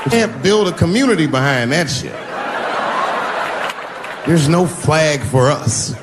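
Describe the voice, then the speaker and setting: A male stand-up comedian telling profane stories on stage into a handheld mic, leaping into high-pitched voices for effect. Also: expressive, unhurried. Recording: live show with audience noise.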